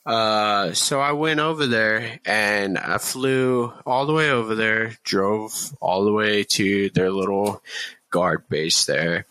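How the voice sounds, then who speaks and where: A man's voice: fairly low pitch, slow pace, bright, forceful tone, dry recording. A man in his thirties telling a story on a podcast in a laid-back, casual way, with plenty of fillers and swearing. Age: 30s. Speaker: podcast guest.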